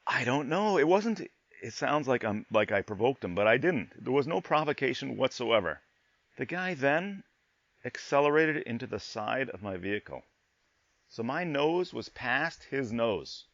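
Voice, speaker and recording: Middle-aged male podcast host, casual storytelling, animated and repetitive, dry close sound, slightly dull audio. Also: medium pitch, measured pace, dry recording. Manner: animated, repeats himself, swears in disbelief.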